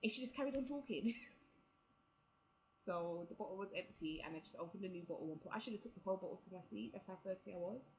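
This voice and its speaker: A woman's voice: mid-range voice, fast talker, a little mellow, slight background noise, poor audio. A young woman, telling a travel story casually to camera and filling it with "like" and quoted dialogue. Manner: chatty, full of "like" and quoted dialogue. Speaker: vlogger.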